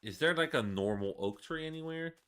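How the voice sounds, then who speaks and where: A man's voice: a little high, expressive, brisk, fairly bright tone, smooth. A man in his twenties giving casual, rambling gameplay commentary, swearing a lot and laughing between rants. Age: 20s. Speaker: gaming video creator.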